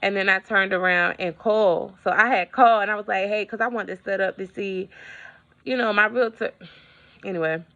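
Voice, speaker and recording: A woman's voice: mid-range voice, a little fast, fairly bright tone, lo-fi sound. A woman vlogger in a casual update, telling a story in a chatty way and talking straight to her viewers.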